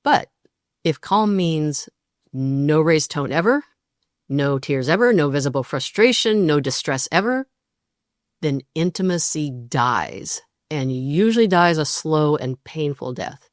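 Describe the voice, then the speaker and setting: A woman hosting a relationship podcast, talking through ideas in a calm, measured monologue and briefly voicing quoted partners. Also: deep voice, no room sound, studio quality.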